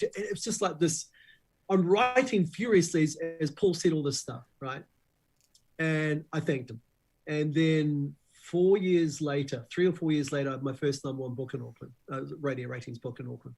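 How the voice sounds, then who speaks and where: A husky, fairly high-pitched man with a New Zealand accent tells radio stories in a casual interview. He is middle-aged and brings his anecdotes to life by acting out what people said. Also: normal speed, low-quality recording. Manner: animated storyteller who acts out quotes. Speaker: radio breakfast host, guest.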